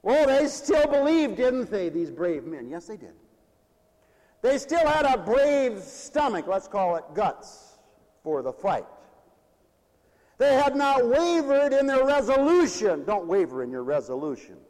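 A man preaching a sermon in a mission hall, emphatic, swinging between loud declarations and hushed asides. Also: very high voice, big pitch swings, measured pace.

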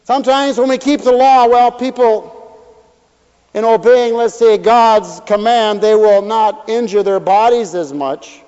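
A man preaching as a pastor, folksy and animated, acting out little voices as he talks. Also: sits high, unhurried, clear, resonant tone. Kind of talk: sermon. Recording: dull hall recording with long reverb.

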